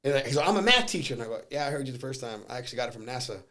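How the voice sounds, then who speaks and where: Middle-aged guy from socal, talks real fast, curses a lot, acts out the people in his stories. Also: medium pitch, fairly even intonation. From Southern California. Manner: fast storyteller, swears freely, acts out quoted voices. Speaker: podcast guest. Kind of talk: casual chat.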